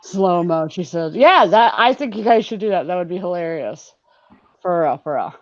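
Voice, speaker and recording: A woman's voice: fairly low pitch, lively intonation, normal speed, no room sound. A woman hosting a casual live-stream hangout, chatting, laughing often and reading comments from the chat aloud over a video call. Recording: dull, lo-fi video call audio.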